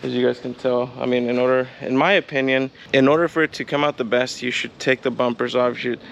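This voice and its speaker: A man talks casually to his viewers in a chatty vlog style, a little out of breath from hard work. He is recorded outdoors with a faint hiss of noise behind him. His pitch sits in the ordinary middle range for a man. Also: steady tone, fast, gravelly, a bit bright, muffled recording. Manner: casual, chatty, addresses viewers as "you guys". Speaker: car vlogger. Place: outdoors on a driveway, hot day.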